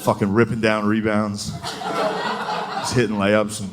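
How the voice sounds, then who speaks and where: A man's voice: fairly low pitch, level tone, a little slow. A man doing a stand-up comedy set, crude and profane, laughing his way through his lines. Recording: noisy recording.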